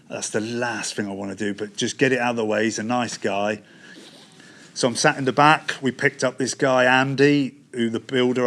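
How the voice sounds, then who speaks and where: Middle-aged Devon man, plain testimony storytelling, acts out quoted dialogue, halting restarts. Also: mid-range voice. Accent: Devon English. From England. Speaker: testimony speaker.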